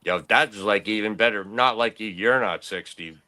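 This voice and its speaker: A man's voice: on the low side, normal speed, sharp tone. A man in his late fifties, a podcast host, telling rambling stories in casual chat and laughing often. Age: 50s.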